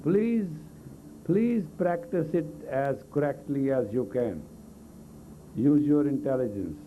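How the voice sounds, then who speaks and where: On a tinny, lo-fi 1980s tape of a live talk, slight background noise runs under a man's mid-range, animated voice. Going slowly, the meditation teacher leads a group exercise class live, coaxing and blunt in his commands, his English grammar non-native.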